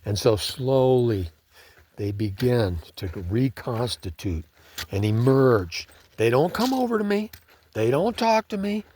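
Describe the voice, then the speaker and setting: A man with a fairly low voice tells a story in a laid-back, conversational way, frequently saying "man." There's a little hiss or hum in the recording.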